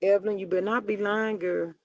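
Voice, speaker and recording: A woman's voice: medium pitch, fairly even intonation, brisk, dry recording. An older woman hosting a casual celebrity gossip stream, chatty and drawling as she talks to her viewers. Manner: chatty and drawling, acts out quoted people in voices.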